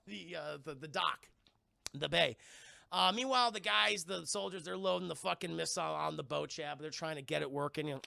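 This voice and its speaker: Gravelly, high-voiced profane streamer. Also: male voice, no room sound. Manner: animated, profane, laughing storyteller. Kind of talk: casual profane movie recap to live chat.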